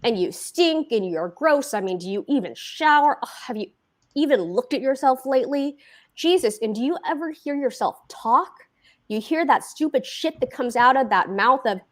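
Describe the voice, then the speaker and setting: A man's voice: very high voice, expressive, moderate pace, a bit bright. A woman reading aloud, voicing a crude, abusive man who curses his wife with contempt. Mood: contemptuous. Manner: cursing, contemptuous. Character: crude, abusive, beer-drinking husband, man.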